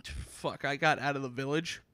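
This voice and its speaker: A young man co-hosting a casual gaming podcast, animated and swearing freely, now and then slipping into put-on voices. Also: medium pitch, moderate pace, clean tone, no room sound. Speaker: podcast co-host. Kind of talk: casual chat.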